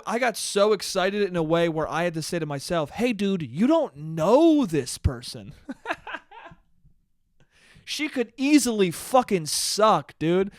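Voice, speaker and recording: A young man hosting a solo podcast, telling a story in a profane, animated way and breaking into laughter. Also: sits high, dry recording, studio quality. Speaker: podcast host. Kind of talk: casual solo podcast monologue.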